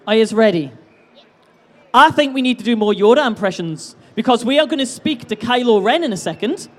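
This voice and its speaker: A man's voice: extremely high pitch, expressive, brisk. A man hosting a live convention stage game, teasing contestants with upbeat, jokey banter.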